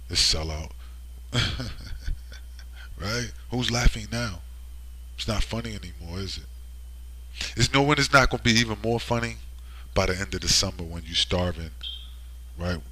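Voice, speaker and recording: A man's voice: low voice, normal speed, pauses often, bright, forceful tone, breathy edge. A man delivering a preachy vlog monologue with emphasis, often asking "right?" as he speaks. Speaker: online commentator.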